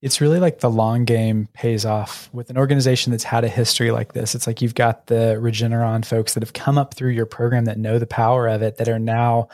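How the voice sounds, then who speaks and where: A man's voice: medium pitch, level tone, fairly quick, few pauses, a little mellow, dry recording, clean studio sound. A man hosting an interview who asks long, reflective, flowing questions. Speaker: interview host. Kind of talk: conversational interview.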